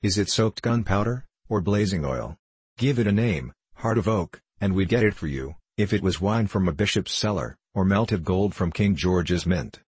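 Guy reading as a blind cellar host, oily flattery, low husky drawl. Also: normal speed, dry recording. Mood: sly mocking. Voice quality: flattering, mock-grand speech. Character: blind male cellar host, fawning and sly. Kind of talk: audiobook character reading.

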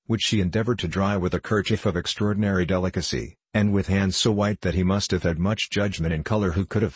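A man narrating an audiobook in a steady, even reading with a husky voice. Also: sits low, no echo.

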